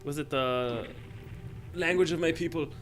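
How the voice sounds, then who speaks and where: Man, teasing co-host, slightly high voice, faint background noise. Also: moderate pace. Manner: teasing, laughs often. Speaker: let's play co-host. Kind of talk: casual banter over gameplay.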